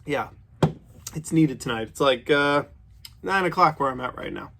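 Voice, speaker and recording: A man's voice: fairly high pitch, moderate pace, bright, forceful tone, slight background noise. A man in his thirties giving a casual, opinionated horror movie review, chatty and full of "like". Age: 30s.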